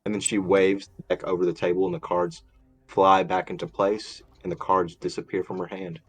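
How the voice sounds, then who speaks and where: A man serving as dungeon master, calmly narrating scenes in a tabletop game. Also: deep voice, fairly quick, slightly rough.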